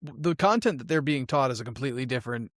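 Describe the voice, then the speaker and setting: Easygoing podcast host, dry close sound. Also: male voice, medium pitch, expressive, no room sound. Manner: easygoing, quick laughs, runs a question round. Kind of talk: interview hosting.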